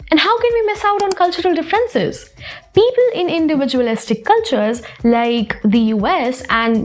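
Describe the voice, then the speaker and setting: A woman narrating a scripted science explainer in a playful, upbeat way with rising emphasis. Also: high-pitched.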